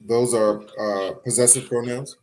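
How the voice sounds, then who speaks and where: A man's voice: medium pitch, fairly even intonation, measured pace, a crowd in the background, low-quality recording. A male student in an online language lesson over a video call, answering hesitantly and tentatively.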